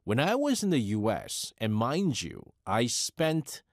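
A radio host in his forties with a New York accent talks casually with a listener. His delivery swings up and down in pitch, and he often laughs and restarts his sentences. The sound is dry and close. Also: slow, no echo. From United States. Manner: animated, chatty, laughs often, self-correcting. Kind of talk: casual radio talk, answering a listener letter.

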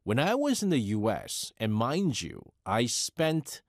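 Lively middle-aged New York radio host. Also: male voice, medium pitch, slow pace, no echo, clean studio sound. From United States. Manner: rambling, with many fillers and restarts. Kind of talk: casual radio chat.

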